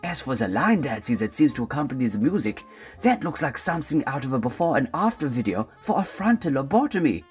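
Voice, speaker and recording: Guy doing a sneery german, lots of pitch swing. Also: very animated, a little fast, a little mellow, soft background music, natural voice. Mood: sardonic. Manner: dry, condescending. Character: stiff sardonic German man.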